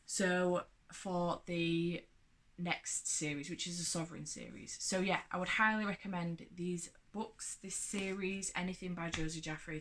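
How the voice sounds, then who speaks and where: A woman's voice: lowish voice, a bit bright. A woman vlogger talking casually and at length through her month of reading, rambling with lots of fillers and restarts. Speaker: book vlogger. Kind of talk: casual monthly book wrap-up chat.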